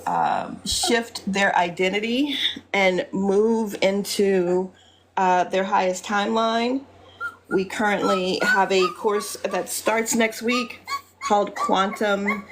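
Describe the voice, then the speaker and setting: Woman, spiritual coach, casual live-stream talk, chatty, lots of ums, mid-pitched voice, faint background hiss. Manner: chatty, with frequent ums and soft mantra recitation.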